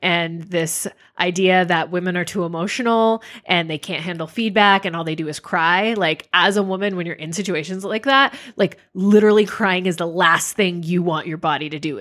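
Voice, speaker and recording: A woman co-hosting a casual podcast, her voice sitting a little low for a woman. She talks candidly and thoughtfully, often turning points into questions. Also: moderate pace, few pauses, a bit bright. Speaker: podcast co-host.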